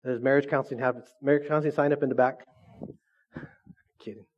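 A man's voice: mid-range voice, steady tone, moderate pace. A middle-aged man preaching a sermon as pastor, joking and calling for answers from the congregation. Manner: joking, call-and-response with the congregation. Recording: dull lo-fi recording.

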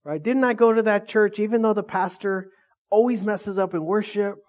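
A man's voice: high voice, moderate pace, a little mellow, dull audio, pitched above the performer's own voice, natural voice. A man voicing a whiny self-pitying churchgoer. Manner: complaining, pleading.

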